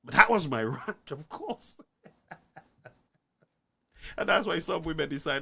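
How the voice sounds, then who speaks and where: A man's voice: a little high, expressive, a little slow, vocal fry, pauses often, pushed and bright, husky. A man, ranting on a live stream, preachy and full of rhetorical questions.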